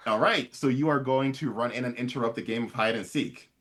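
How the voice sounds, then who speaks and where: A man's voice: medium pitch, brisk, a bit bright. A man running a tabletop game as game master, explaining rules in a loose, chatty way.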